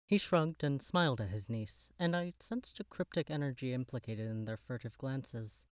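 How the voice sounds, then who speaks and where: A man narrating a gothic horror story in the first person, in a measured, literary storytelling manner. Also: mid-range voice, lively intonation, no echo, clean studio sound.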